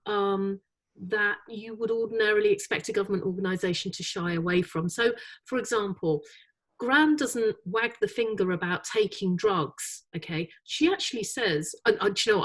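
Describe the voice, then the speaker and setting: Middle-aged lady, awards judge, chatty and animated, lots of um and you know, normal mid pitch. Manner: animated, many fillers, laughs easily. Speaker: awards jury chair. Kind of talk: interview answers.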